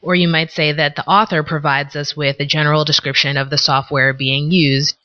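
A woman co-hosting a podcast, teaching vocabulary in a scripted lesson and explaining words with example sentences in a measured way. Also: low voice, little pitch movement. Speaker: podcast co-host. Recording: dull lo-fi recording.

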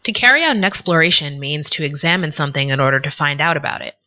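A woman co-hosting a podcast, teaching vocabulary in a scripted lesson and explaining words with example sentences in a measured way. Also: deep voice, animated, bright, forceful tone. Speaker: podcast co-host. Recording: dull lo-fi recording.

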